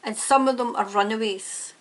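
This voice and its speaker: A woman's voice: fairly high pitch, normal speed. A woman giving a tarot reading to camera, talking emphatically and indignantly and slipping into rants. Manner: emphatic, indignant, prone to ranting. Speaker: tarot reader.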